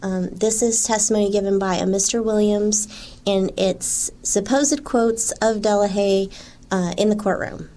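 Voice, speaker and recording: Mellow-voiced woman explaining history. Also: medium pitch, steady tone, measured pace, a little hiss or hum. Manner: thoughtful, with frequent ums and small laughs. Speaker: history expert guest. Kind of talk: answering interview questions.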